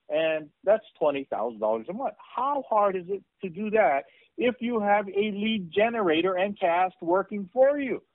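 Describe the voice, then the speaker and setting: A middle-aged man giving an excited, repetitive sales training talk as a network marketing presenter. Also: high voice, no echo, phone-quality sound.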